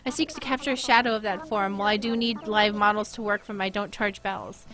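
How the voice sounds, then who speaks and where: A woman reading out the lines of an earnest female artist villager obsessed with bugs, soft and unhurried. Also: medium pitch, steady tone, lightly acted. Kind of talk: reading game text aloud.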